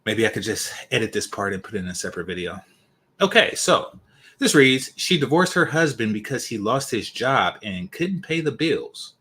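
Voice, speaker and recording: A man's voice: mid-range voice, big pitch swings, moderate pace, pushed and bright, slightly rough. A man hosting a reaction channel, giving opinionated commentary with emphatic repetitions. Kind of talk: commentary on a video.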